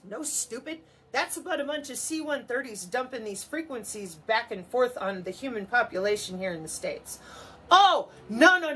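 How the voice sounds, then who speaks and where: A woman's voice: fairly high pitch, breathy edge. A woman in a mocking, profane monologue to camera, full of sarcasm. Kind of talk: ranting monologue.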